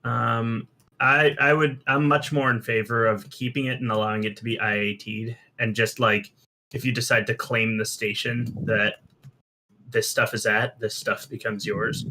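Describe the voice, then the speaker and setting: A man with a bright, forward voice talks through a staff meeting over a voice call. He is relaxed and loose, filling gaps with "uh" and "like" and letting his sentences trail off. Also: mid-range voice, normal speed. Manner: relaxed, laughs often, trails off with fillers. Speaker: infrastructure staff member. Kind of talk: casual meeting discussion.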